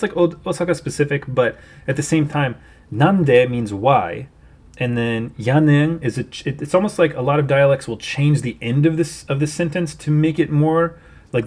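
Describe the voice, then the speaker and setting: A young man chatting casually on his own livestream, explaining and musing aloud in an easygoing way. His voice sits at an ordinary middle pitch for a man, neither high nor deep. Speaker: livestream host.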